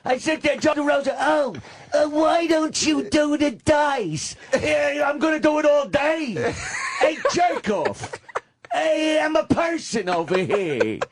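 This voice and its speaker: A brash street-tough comic, squawking in a very high voice, as a man puts him on. He shouts indignantly and swings his pitch wildly. Loud noise sits behind him. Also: very animated, slow, full character voice.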